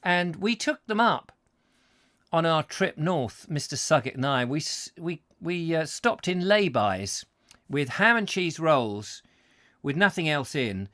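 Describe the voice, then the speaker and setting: A man's voice: a little high, very animated, measured pace, sharp tone. A man hosting a live chat show, reading out viewers' messages with playful jokes and silly voices. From England. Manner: playful, jokey, slips into silly voices and sound effects.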